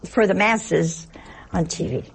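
A woman's voice: on the low side, expressive, slow, creaky, husky. A woman, a nun, giving a conversational sermon in a folksy, humorous way, full of rhetorical questions. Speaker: nun preaching.

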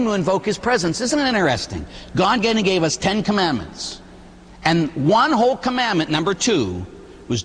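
A man, a Catholic priest, giving an animated, conversational sermon full of rhetorical questions. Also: on the high side, big-room sound, a little hiss or hum.

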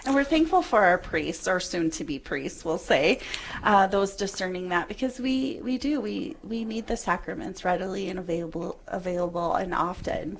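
A woman's voice: medium pitch, rough recording. A middle-aged woman hosting a radio talk show, friendly and affirming with her guests. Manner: friendly, affirming, warm interjections. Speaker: radio host.

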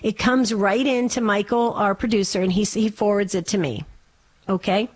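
A woman's voice: mid-range voice, steady tone, normal speed, darkish tone. A woman hosting a call-in radio show as a life coach, encouraging callers and often repeating her words.

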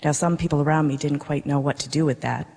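A woman, a parishioner, reading her personal faith testimony to a congregation in an earnest, measured way. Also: sits low, steady tone, creaky, dark tone, husky. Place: darkened church worship space. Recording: reverberant worship space.

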